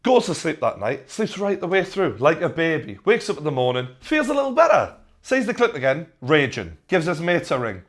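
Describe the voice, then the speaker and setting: A young man with a Geordie accent, hosting a comedic news rant with sarcastic, deadpan repeated punchlines. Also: a little high, normal speed. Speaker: host.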